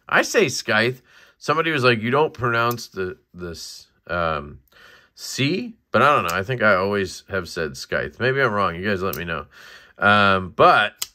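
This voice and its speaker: A man with a bright, forward voice chats his way through a knife unboxing. He rambles, restarts his sentences and fills the gaps with "um" and "right?". He keeps shrugging off his own skills with easy self-deprecation. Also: medium pitch. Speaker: knife reviewer. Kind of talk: casual unboxing vlog.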